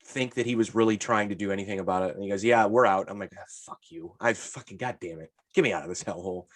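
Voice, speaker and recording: A man co-hosting a podcast, telling stories in casual chat with lots of swearing and lively retellings. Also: fairly low pitch, fast, dry recording. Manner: profane, animated storyteller. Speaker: podcast co-host.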